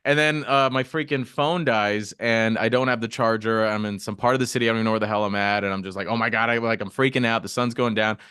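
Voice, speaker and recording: A man hosting a podcast, chatting casually and animatedly, with quick asides. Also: lowish voice, fairly even intonation, pushed and bright, clean tone, dry recording, studio quality. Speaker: podcast host.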